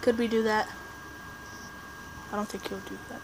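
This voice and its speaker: A woman chatting through a game session as commentator, rambling and excitable, tossing jabs at other players. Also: mid-range voice, normal speed, a little hiss or hum, poor audio. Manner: rambling, excitable, trash-talking teammates; restarts and fillers, chatty. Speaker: gameplay commentator. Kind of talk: casual live game commentary.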